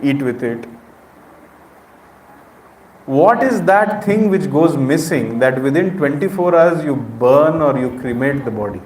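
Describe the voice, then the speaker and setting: A middle-aged man with an Indian accent speaks expressively in a mid-range, darkish voice, at a measured pace with long pauses and a little hiss or hum. As a spiritual speaker, he questions the audience directly during an interactive lecture in an echoey temple hall.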